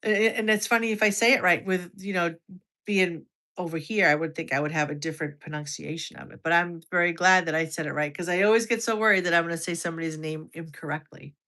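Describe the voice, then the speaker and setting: A woman's voice: lowish voice, fast, sharp tone. A woman from the United States in her fifties, hosting a casual livestream, chatty and restarting sentences as she reacts to viewer comments. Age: over 50. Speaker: health livestream host.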